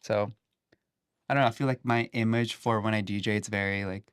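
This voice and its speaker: A man's voice: on the low side, steady tone, a little fast, clear, resonant tone, dry recording, studio quality. A young man who DJs, chatting casually as a guest and rambling with plenty of filler words. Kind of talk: casual chat.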